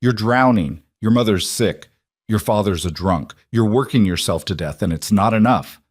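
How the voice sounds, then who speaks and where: Man playing a steady lone cowboy, level, matter-of-fact, low voice, dry storybook narration. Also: normal speed, no room sound, lightly acted. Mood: calm.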